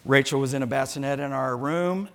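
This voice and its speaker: A man in his sixties telling a funny story in a sermon, animated and jokey, acting out voices. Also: medium pitch, fairly quick, vocal fry, slight background noise. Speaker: pastor.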